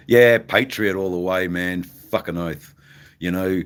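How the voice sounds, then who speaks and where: A man's voice: low-pitched, slow, smooth. A middle-aged Australian man with an Australian accent, hosting a rambling livestream and chatting with viewers, full of ums and mates. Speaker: livestream host. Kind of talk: casual livestream chat with viewers.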